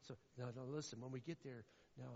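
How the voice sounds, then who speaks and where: A man from Indiana preaching a sermon, emphatic and repetitive, swinging between loud declarations and hushed lines. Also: mid-range voice, fairly even intonation, fast. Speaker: pastor. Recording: echoey hall, dull lo-fi sound.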